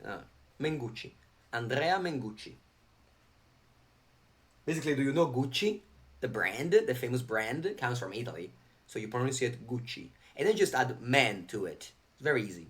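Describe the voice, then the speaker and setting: A man's voice: medium pitch, expressive, a little fast, fairly bright tone. A young man talks through a card game on a live stream, chatty and loose. He reads viewer questions aloud and answers them. He is close to the mic.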